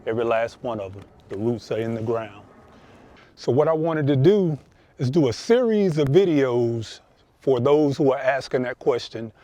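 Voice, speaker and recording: A man's voice: medium pitch, a little mellow, lo-fi sound. A man hosting a gardening video, explaining things in a folksy, casual way while walking through his outdoor garden. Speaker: gardening channel host.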